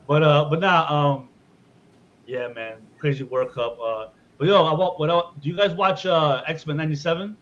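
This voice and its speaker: A man's voice: fairly high pitch, a little slow, dull audio. A man hosting a podcast in loose, joking casual chat, swearing freely. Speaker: podcast host.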